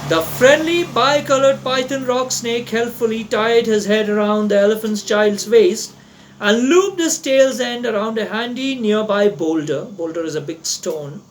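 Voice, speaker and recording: A man's voice: high-pitched, a little slow, slight background noise. A man reading a classic children's story aloud as narrator, sing-song and explaining words for young listeners.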